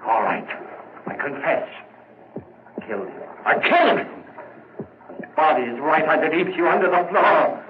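A man's voice: on the high side, animated, moderate pace, natural voice. A man playing a stammering guilt-crazed killer. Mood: frantic. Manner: stammering, panicky, rising to shouts. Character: frantic male murderer tormented by guilt. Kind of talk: 1940s radio acting. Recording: dull old radio recording, faint hiss.

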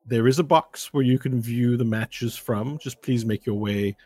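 A man's voice: mid-range voice, measured pace, dark tone, dry recording. A man voicing a formal male arena escort who ushers competitors politely. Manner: polite, officious.

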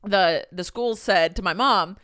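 A young woman hosting a podcast in casual chat, animated and swearing freely, laughing often. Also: mid-range voice, unhurried, no echo. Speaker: podcast host.

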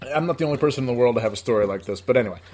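A man from upstate New York spins a long, rambling story in loose podcast chat. He swears freely and laughs along with his own telling, at an everyday mid pitch. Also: very fast, darkish tone. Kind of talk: casual storytelling.

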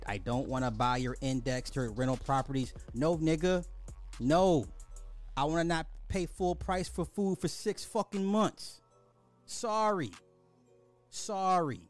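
A man hosting a podcast, delivering a profane, mocking rant of social commentary and apologizing as he goes. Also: fairly high pitch. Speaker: podcast host.

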